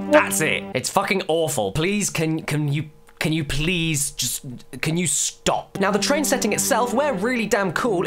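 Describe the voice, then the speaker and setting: A young man hosting a comedic video game review, sarcastic, exaggerated and profane. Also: a little high.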